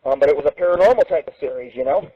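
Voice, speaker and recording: A man's voice: a little high, lively intonation, very fast, husky, dry recording, narrow, tinny audio. A man hosting an internet radio show, talking in a rambling, self-promoting showman patter. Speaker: radio host. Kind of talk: casual internet radio talk.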